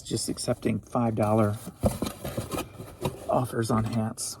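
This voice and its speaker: A man's voice: on the low side, level tone, slow pace, pauses often, noisy background. A man who resells online, chatting through his recent sales in a goofy, rambling way with jokey asides. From St. Louis area, USA. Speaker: eBay reseller. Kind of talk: casual rambling sales recap.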